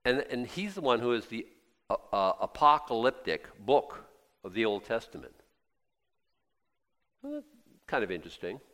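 A man's voice: medium pitch, huge pitch swings, moderate pace, long pauses, fairly bright tone. A man preaching a sermon in a conversational way, quizzing his listeners and repeating himself. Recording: long hall reverb.

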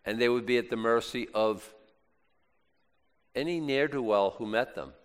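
A middle-aged man preaching a sermon in a conversational way, swinging between hushed and loud moments. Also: medium pitch, normal speed, clear, resonant tone. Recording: long reverb in a large hall.

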